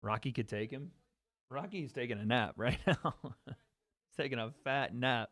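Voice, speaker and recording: An expressive man with a mid-range voice keeps a measured pace and a fairly bright tone, recorded at studio quality with no echo. He's hosting a relaxed livestream, talking straight to chat about a fight, loose and chatty, joking and repeating himself.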